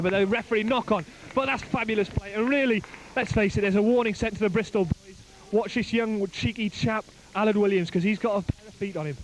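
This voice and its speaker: A man giving live play-by-play rugby commentary outdoors at a ground, excitable and joking, his voice climbing as the play builds. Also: sits high, brisk, hardly any pauses. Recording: noisy outdoor amateur recording.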